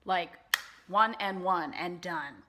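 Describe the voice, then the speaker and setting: A woman's voice: lowish voice, takes it slowly, bright, forceful tone. A woman vlogger chatting casually through a makeup tutorial, bubbly and full of fillers, sometimes dropping into whispered asides. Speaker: beauty vlogger.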